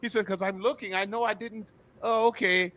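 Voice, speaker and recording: Bright-voiced New storyteller man. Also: high-pitched, a little fast. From New York. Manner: animated, profane storytelling. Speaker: podcast host. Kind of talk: casual chat.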